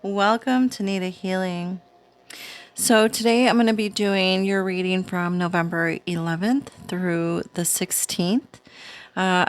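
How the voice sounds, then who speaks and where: A woman with a slightly low voice talks her viewers through a weekly card reading. She speaks slowly and unhurriedly, in a soothing and chatty way, like a host used to talking to her regular audience. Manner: slow, soothing, chatty with small laughs. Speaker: tarot reader, channel host. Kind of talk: casual spiritual reading to camera.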